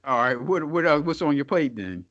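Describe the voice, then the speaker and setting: A man's voice: fairly high pitch, expressive, moderate pace, a bit bright. A man co-hosting a podcast in casual chat, laid-back, asking short questions and laughing often. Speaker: podcast co-host. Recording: dull lo-fi sound.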